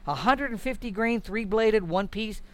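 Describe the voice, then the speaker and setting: Middle aged guy telling a hunting story, kinda high voice, folksy, acts out the quotes. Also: normal speed, fairly bright tone. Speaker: guest elk hunter. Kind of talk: storytelling in conversation.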